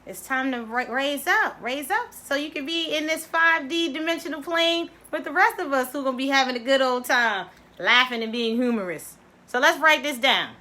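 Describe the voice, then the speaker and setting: A middle-aged mindfulness coach from Baltimore, United States, gives her viewers an animated motivational talk at a moderate pace. Her pitch swoops up and down, and she laughs often.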